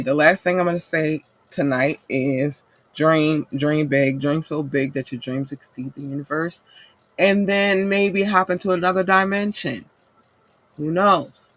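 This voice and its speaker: A man with a husky, slightly breathy voice and a fairly high pitch for a man talks straight to his listeners. He hosts a podcast and gives a blunt, cursing pep talk, calling them babe and baby as he urges them on. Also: fairly bright tone, dry recording. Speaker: podcast host. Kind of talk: casual motivational monologue.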